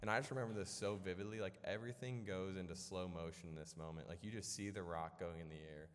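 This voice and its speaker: A young man from Illinois delivers a sermon through a personal story, with a low-pitched voice. He talks casually, with plenty of fillers and self-deprecating humor. The sound rings out with the long reverb of a church hall. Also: steady tone, fast talker. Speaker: preacher.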